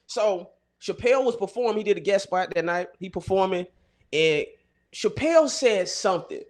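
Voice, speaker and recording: Animated high-voiced man telling stories. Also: normal speed. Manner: animated, voice jumps high when excited. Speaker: podcast host. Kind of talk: casual comedic storytelling.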